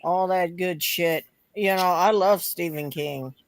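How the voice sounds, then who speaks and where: A woman's voice: fairly low pitch, no room sound. A woman hosting a loose, casual podcast chat, swearing freely as she talks. Her voice sits close to the mic with a dry, roomless sound. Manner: loose and swearing, drawn-out laughs. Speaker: host.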